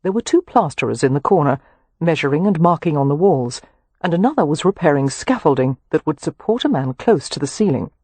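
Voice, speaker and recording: Husky male audiobook narrator. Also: fairly high pitch, brisk, no echo. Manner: steady, even storytelling. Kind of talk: scripted narration.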